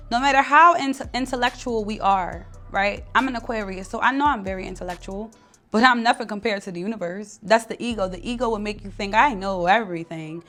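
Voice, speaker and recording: Blunt, animated woman with a high voice. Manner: blunt, animated, slangy, emphatic. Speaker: spiritual content creator. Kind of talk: casual motivational talk to camera.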